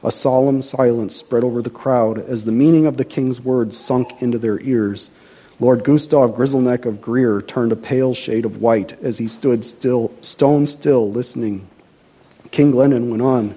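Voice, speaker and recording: Man, storybook narration, mellow warm tone, dull lo-fi recording. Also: mid-range voice, fairly even intonation, normal speed.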